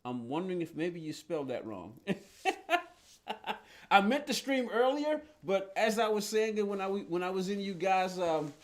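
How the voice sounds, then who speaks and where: A man with a high, light voice rambles loosely through a racing-game live stream. He talks straight to his viewers and thinks aloud about his cars and plans, one easygoing thought after another. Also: very animated, a little slow. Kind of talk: casual live-stream chat while playing.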